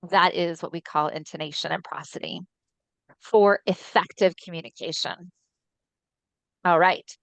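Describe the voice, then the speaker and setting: A woman's voice: lowish voice, steady tone, a little slow, creaky, no room sound. A woman presenting an educational webinar in a friendly, explanatory way with frequent ums, recorded on a video call microphone. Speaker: webinar presenter for an ALS voice nonprofit.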